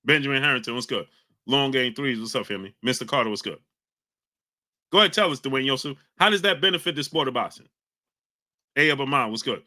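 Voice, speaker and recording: A livestream host reads chat names aloud and argues heatedly with his viewers, combative as he calls them out. He talks fast at a medium pitch and pauses often.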